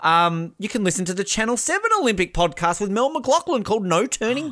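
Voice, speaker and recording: A man's voice: high voice, big pitch swings, fairly quick, hardly any pauses, a bit bright. A man hosting a podcast, chatting casually in a joking, rambling way. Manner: joking, rambling, lots of fillers. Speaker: podcast host. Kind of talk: casual chat.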